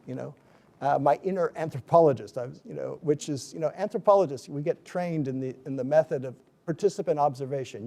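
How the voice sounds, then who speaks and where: Gravelly middle-aged man telling a story. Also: a little high. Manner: animated storyteller, acts out quoted voices. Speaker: author giving a book talk. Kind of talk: storytelling lecture.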